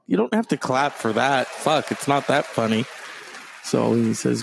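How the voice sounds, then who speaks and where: A man doing stand-up storytelling, profane and animated, jumping from loud outbursts to low mutters. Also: a little slow, vocal fry, breathy edge.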